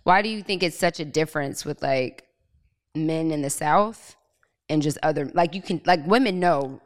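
A woman's voice: low-pitched, normal speed. A woman co-hosting a podcast, easygoing and asking the guest questions. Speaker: podcast co-host. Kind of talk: casual podcast chat.

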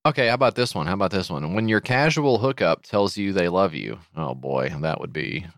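Profane, animated man riffing on a podcast. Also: low voice, fairly quick, no room sound, studio quality. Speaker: podcast co-host. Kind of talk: casual comedic chat.

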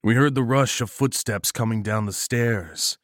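A man narrating a first-person horror story in a grim, measured way. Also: medium pitch, no echo, studio quality.

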